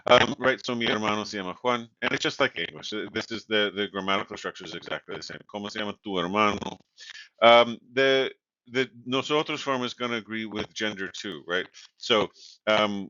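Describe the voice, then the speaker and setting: A man's voice: lowish voice, pushed and bright, no echo. A man teaching a Spanish grammar lecture, explaining patiently with many fillers and "right?" checks. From California. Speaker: Spanish instructor. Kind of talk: recorded lecture. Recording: dull, lo-fi sound.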